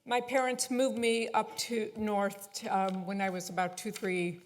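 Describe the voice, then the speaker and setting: A middle-aged woman with a Buffalo accent addresses a synagogue congregation as a guest speaker. Her voice sits at an ordinary pitch, and she speaks in a chatty, informal way, filling her pauses with ums. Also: little pitch movement, in a large hall. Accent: Buffalo, New York. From Buffalo, New York. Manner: chatty, with frequent fillers. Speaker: guest speaker, honoree's daughter. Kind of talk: personal remarks at a service.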